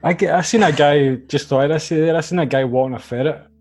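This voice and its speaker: Man, quick-fire rambler, casual podcast voice over faint music. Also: fairly high pitch, darkish tone. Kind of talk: casual banter.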